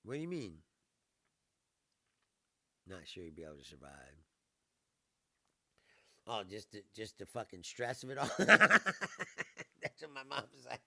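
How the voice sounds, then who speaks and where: A man's voice: mid-range voice, sing-song, a little slow, gravelly, pauses often, pushed and bright, dry recording. A middle-aged man hosting his own show, ranting casually with lots of swearing and laughter, mocking and sarcastic. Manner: swears a lot and laughs often. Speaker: show host. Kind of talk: casual profane rant.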